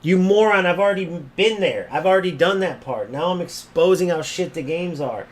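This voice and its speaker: A man with a fairly high voice calls out the game over live gameplay. His talk is brash and mocking, full of insults and swearing at other players. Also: expressive, normal speed. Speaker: video game streamer. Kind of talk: gameplay commentary rant.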